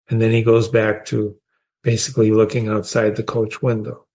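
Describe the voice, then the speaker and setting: A man's voice: mid-range voice, little pitch movement, normal speed, a little mellow. A man, teaching a short story in a conversational way and often asking the listener questions. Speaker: literature teacher.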